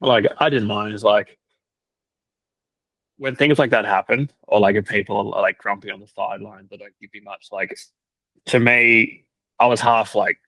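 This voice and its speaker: A young man chatting casually, telling stories loaded with "like" fillers and quick laughs. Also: on the low side, steady tone, sharp tone, dry recording, low-quality recording. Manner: storytelling, lots of "like" fillers, laughs often. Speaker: cricket team videographer. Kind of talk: casual podcast chat.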